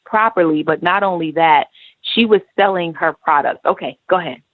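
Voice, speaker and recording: A woman's voice: lowish voice, normal speed, dry recording. A woman hosting a talk show, speaking earnestly in a sermon-like way and addressing listeners directly. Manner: earnest, sermon-like, talks straight to the audience. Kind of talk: preachy talk show commentary. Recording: tinny, dry phone line.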